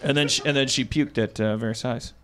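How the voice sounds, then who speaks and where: A man's voice: mid-range voice, fairly even intonation, fairly quick, very noisy. A man hosting a comedy podcast in casual chat, rambling with many stammered restarts. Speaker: podcast host.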